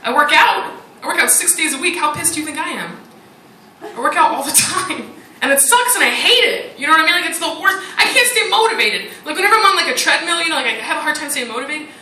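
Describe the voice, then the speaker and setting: Woman stand-up comic, high and bouncy, self-mocking banter; recorded from a distance in an echoey club. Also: expressive, quick pace. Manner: chatty, self-mocking, punctuated with "like" and "you know". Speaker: stand-up comedian. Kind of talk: stand-up comedy set. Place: comedy club stage. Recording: roomy live recording from a distance with loud crowd noise.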